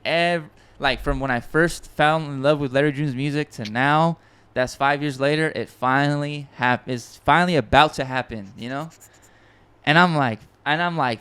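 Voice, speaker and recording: Excitable, rambling man with a smooth voice. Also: medium pitch, moderate pace. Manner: excitable, rambling, swears often, many restarts. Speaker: podcast host and music producer. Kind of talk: casual storytelling chat.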